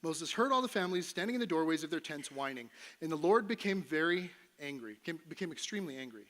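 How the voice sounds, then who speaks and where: A middle-aged male pastor delivers a relaxed, conversational sermon at a quick pace in a church sanctuary, his voice a bit higher than most men's. Playful throughout, he acts out the voices of Moses and God and other characters in his story.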